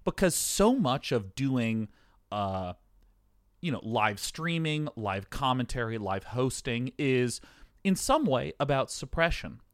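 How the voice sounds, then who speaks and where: A man hosting a casual conversation, with quick interjections and wry jokes. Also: medium pitch, sing-song, no echo, clean studio sound. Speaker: podcast host and esports commentator. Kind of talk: casual chat.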